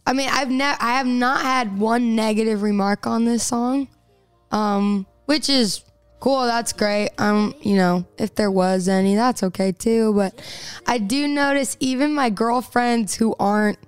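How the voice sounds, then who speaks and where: Giggly young woman from texas, smooth clear voice, rambly interview chat. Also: fairly high pitch, fairly even intonation, a little slow, dry recording, faint music behind. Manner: bubbly, chatty, laughs often, rambling restarts. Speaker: singer-songwriter guest. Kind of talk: casual radio interview chat.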